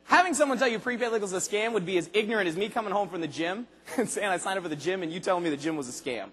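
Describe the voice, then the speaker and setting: A man giving an energetic convention speech, firing punchy questions at the audience and sometimes bursting into shouts. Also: high voice, slight background noise. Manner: rapid-fire questions to the audience, punchy and emphatic. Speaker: motivational speaker at a sales convention. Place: large convention hall. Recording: long hall reverb.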